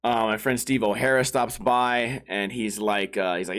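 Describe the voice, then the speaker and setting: A man's voice: fairly low pitch, steady tone, normal speed, fairly bright tone, clean tone. A man hosting his own podcast, telling a long, rambling, profane story in a casual way and acting out the quoted voices. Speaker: podcast host.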